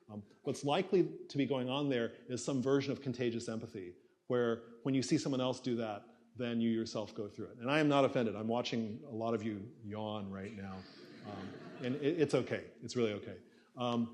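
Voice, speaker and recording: Responding to questions from the audience at a university assembly, a male neuroscience professor speaks in a mid-range, slightly mellow voice. His Q&A answers are conversational, full of fillers, as though he's working things out aloud.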